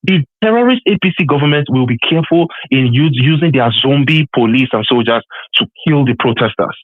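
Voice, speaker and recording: A man calling in to a talk show, arguing politics forcefully and repetitively. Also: medium pitch, lively intonation, brisk, no room sound. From Nigeria. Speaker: caller. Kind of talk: impassioned political call-in. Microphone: phone. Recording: tinny dry phone line.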